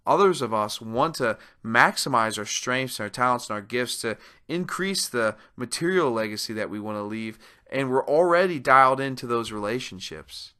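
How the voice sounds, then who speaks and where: Bright-voiced man giving a motivational webinar. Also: mid-range voice, animated, moderate pace, hardly any pauses. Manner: earnest, emphatic, asks rhetorical questions. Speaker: webinar presenter.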